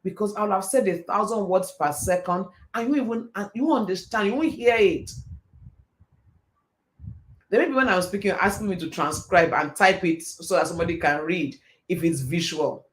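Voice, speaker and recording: A middle-aged man hosting a live stream and giving a motivational faith talk, telling stories in a fast, animated way. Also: sits high. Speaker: host.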